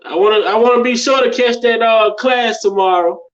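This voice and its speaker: A woman's voice: on the high side, moderate pace, muffled recording. A woman vlogger in casual reaction commentary, chatty and exclaiming, talking straight to her viewers. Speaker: vlogger reacting to internet clips.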